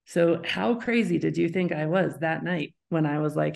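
A woman's voice: deep voice, normal speed, gravelly, a little mellow. A woman hosting a podcast, chatting casually with her husband and cutting in to tease and clarify details. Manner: teasing, interjects to clarify. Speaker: podcast host. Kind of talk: casual conversation.

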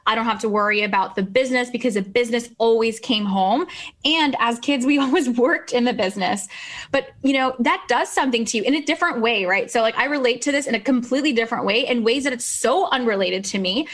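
A woman's voice: on the high side, lively intonation, a little fast, fairly bright tone. A woman hosting an interview, effusive and emphatic, often restarting her sentences. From United States. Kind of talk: casual interview.

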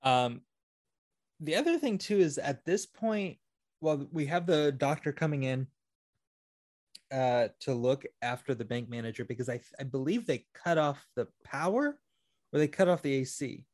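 A man co-hosting a podcast, talking over a film in a relaxed, thinking-aloud way. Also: mid-range voice, normal speed, no echo, studio quality. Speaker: podcast co-host. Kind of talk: casual movie discussion.

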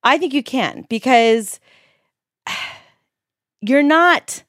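A woman's voice: sits high, lively intonation, drawn-out words, a bit bright, dry recording, studio quality. A woman from San Francisco, a publicist guest, talking in an upbeat, earnest way and laughing easily. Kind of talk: casual interview.

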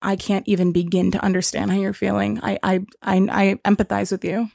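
A woman voicing a syrupy sweet male customer-support agent who speaks softly and gushes with affection. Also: mid-range voice, little pitch movement, brisk, gravelly, no echo, clean studio sound. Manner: soft, gushing, overly affectionate.

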